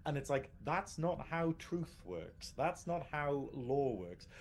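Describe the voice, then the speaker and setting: A man's voice: fairly high pitch, very animated, slow. A man co-hosting a casual live podcast, rambling and restarting his sentences, laughing often. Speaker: podcast co-host.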